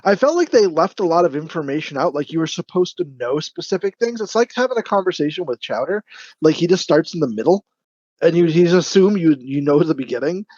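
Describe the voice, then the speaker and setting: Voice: mid-range voice, animated, fairly quick, darkish tone, no echo. A podcast co-host in casual chat, chatty, often laughing, with lots of filler words. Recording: dry, dull lo-fi mic.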